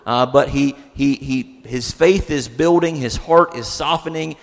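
A man's voice: mid-range voice, a little slow, creaky. A male pastor giving a conversational sermon, putting rhetorical questions to his listeners. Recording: long hall reverb.

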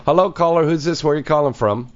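A man's voice: on the high side, fast, highs cut off. A man hosting a talk show, laid-back, taking calls. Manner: laid-back, brief replies. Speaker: host.

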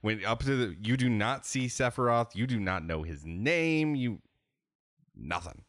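A man in a casual podcast chat, talking in an animated, profane, storytelling way. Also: medium pitch, measured pace, dry recording, studio quality.

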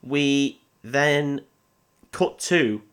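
A man's voice: mid-range voice, drawn-out words, a bit bright. Sweary man recapping a film. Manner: sweary, laughing, rambling. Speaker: podcast host. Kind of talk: casual comedic film recap.

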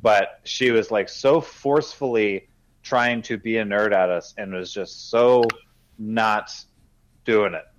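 Low-voiced man telling a rambling story. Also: takes it slowly, highs cut off, a little hiss or hum. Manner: rambling anecdotal storytelling with lots of fillers and laughs. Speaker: podcast co-host. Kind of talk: casual chat.

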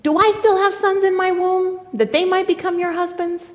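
A woman's voice: very high voice, steady tone, moderate pace, voice pushed up. A woman reading the part of a grieving elderly widow who pleads with her daughters-in-law to turn back. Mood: pleading. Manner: pleading, emphatic. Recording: echoey hall.

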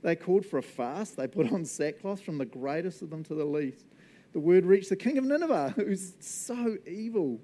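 Kiwi guy preaching casual and animated, mellow voice, fairly high. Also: brisk. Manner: animated, laughing, acts out voices. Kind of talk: casual sermon.

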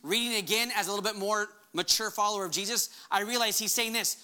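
A man's voice: sits high, fast, hardly any pauses, pushed and bright. A pastor preaching a sermon to his congregation, impassioned, raising his voice when he quotes commands. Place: church hall before a congregation.

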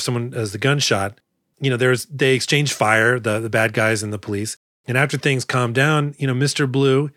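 A man's voice: medium pitch, a bit bright, no room sound, clean studio sound. Joking, profane male podcast co-host. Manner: joking, profane, recaps film scenes. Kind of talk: casual chat.

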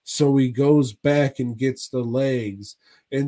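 Slow-talking, profane man on a podcast. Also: mid-range voice, steady tone, mellow. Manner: profane, laughing, rambling. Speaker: podcast co-host. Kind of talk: casual podcast chat.

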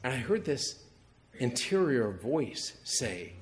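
Middle-aged male priest, wry storytelling homily, mid-pitched voice. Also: animated, measured pace, very noisy. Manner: storytelling, conversational with wry humor.

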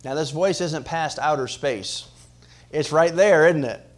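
This pastor's voice sits a little high, and he takes his time as he preaches a sermon. Loud, emphatic swells give way to hushed moments, and he keeps questioning the church directly.

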